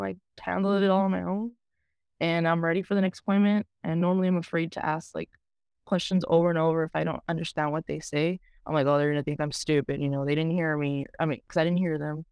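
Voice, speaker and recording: A woman's voice: on the low side, vocal fry, clean tone, dry recording, dull audio. A woman talking candidly in an interview, rambling and filling her talk with "you know" and "like". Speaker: program client sharing her story.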